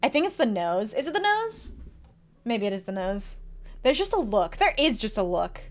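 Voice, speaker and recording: Woman, game streamer, casual commentary, bouncy pitch, quick reactions. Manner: animated, quick reactions and laughter. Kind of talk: casual let's-play commentary.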